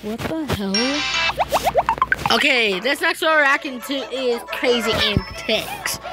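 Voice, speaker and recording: A woman hosting a reaction video in casual commentary, excitable and quick to burst into shrieks and exclamations. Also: a little high, over loud music.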